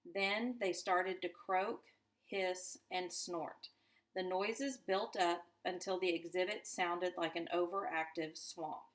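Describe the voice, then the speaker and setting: Slow, low-voiced teacher reading a story. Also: female voice, steady tone. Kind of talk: children's book read-aloud.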